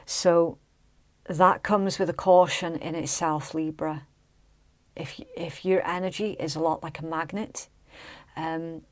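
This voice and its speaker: A woman's voice: low voice, a little mellow. A woman giving a casual, chatty tarot reading, often checking in with "okay?" and "right?". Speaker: tarot reader.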